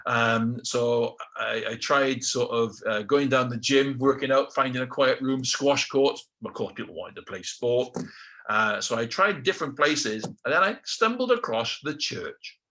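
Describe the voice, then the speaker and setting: A middle-aged British man tells his own story casually, acting out quotes and adding self-deprecating asides. His voice is medium-pitched, animated, and sharp in tone, and he speaks a little slowly.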